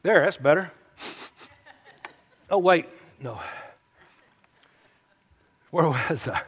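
Reading scripture and then preaching, a man with a high-leaning, husky voice speaks animatedly and draws out his words. His sermon is folksy and joking, with asides to listeners, delivered through a runny nose in a muffled recording with long reverb.

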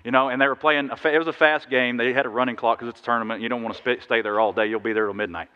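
A man preaching a sermon, telling stories in a lively, animated way with sudden loud bursts. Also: medium pitch, racing, clean tone. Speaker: pastor. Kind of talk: sermon with storytelling. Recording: dull sound in a big reverberant hall.

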